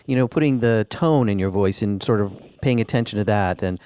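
A man hosting a radio interview, asking questions in a measured, slightly halting way. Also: fairly low pitch, mellow, smooth, no room sound. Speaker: radio host.

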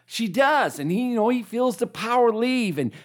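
A preacher delivering a sermon, animated, asking listeners to repeat key lines back. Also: mid-range voice, moderate pace.

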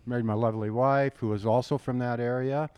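A man in his seventies from South Dakota, a podcast guest chatting casually, good-humoured and self-deprecating, halting with fillers. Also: mid-range voice, steady tone, darkish tone, clear, resonant tone, no echo. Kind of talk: casual chat.

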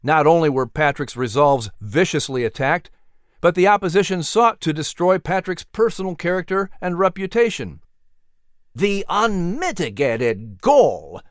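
A man narrating a historical story in a vivid, expressive storytelling manner. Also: fairly high pitch, moderate pace, no room sound, studio quality.

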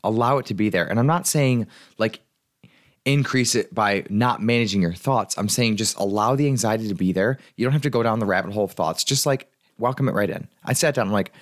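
A man's voice: lowish voice, a little fast. A man in his twenties hosting a podcast as a life coach, talking earnestly in a rambling way with many fillers and restarts. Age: 20s. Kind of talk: casual podcast monologue.

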